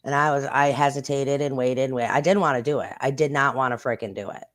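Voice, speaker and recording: A woman hosting her own stream, chatting casually in a blunt, rambling way with plenty of swearing and quick bursts of speech. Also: rumbling low. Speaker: streamer and channel host. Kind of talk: casual live-stream chat.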